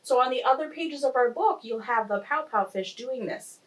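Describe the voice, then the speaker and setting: A woman's voice: fairly high pitch, normal speed. A woman teaching preschool children, talking to them in a playful way and reading a picture book aloud. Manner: animated, playful, talks to kids. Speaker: pre-K teacher. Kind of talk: children's lesson and read-aloud. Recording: distant mic.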